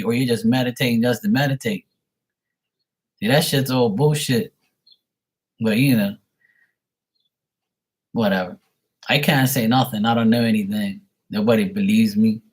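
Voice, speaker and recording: A man's voice: medium pitch, moderate pace, long pauses. A man who reads tarot on a live stream, ranting bluntly and profanely to his viewers. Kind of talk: casual rant to viewers.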